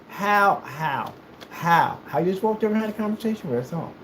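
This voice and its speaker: A man from the United States chatting casually while he plays, telling rambling, animated stories in a hyperactive way. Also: sits high, brisk, slight background noise. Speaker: gaming streamer. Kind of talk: casual chat while playing.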